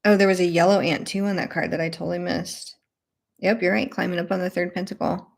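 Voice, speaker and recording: A woman's voice: lowish voice, fairly even intonation, fast, vocal fry. Bubbly woman gushing on a live stream. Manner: bubbly, gushing over cute cards, chatting to viewers. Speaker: tarot channel host. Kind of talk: live deck flip-through chat.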